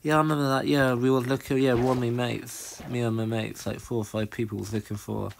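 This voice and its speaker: A young man giving rambling, excitable commentary while playing a video game. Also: a little fast, gravelly, a little hiss or hum. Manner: excitable, rambling, jumps to high squeals. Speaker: gaming channel host. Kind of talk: casual let's-play commentary.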